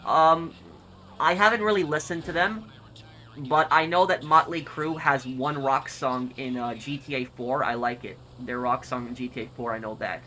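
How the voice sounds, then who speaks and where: Male game streamer reading chat aloud, bright voice, rambling and friendly, often restarts. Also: mid-range voice, steady tone, moderate pace, slight background noise. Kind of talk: casual livestream chat reading comments.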